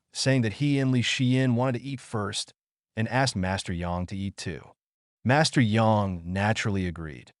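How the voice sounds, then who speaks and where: A man narrating a scripted story recap with steady storytelling and a lively up-and-down voice. The sound is dry and close, with no room around it. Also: lowish voice, no room sound.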